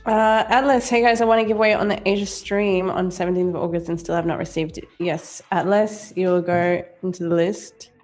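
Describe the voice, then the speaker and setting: A woman's voice: fairly low pitch, fairly even intonation, a little fast, hardly any pauses, darkish tone, faint music behind. A woman co-hosting a live stream, telling stories in a chatty way and laughing often. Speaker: stream co-host. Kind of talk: casual live-stream chat.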